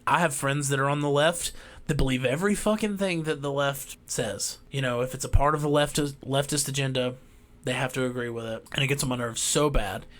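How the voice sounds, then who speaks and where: A man with a drawl delivering a heated, profane ranting monologue as a vlogger, swinging between loud outbursts and quiet asides. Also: medium pitch, fairly even intonation, brisk.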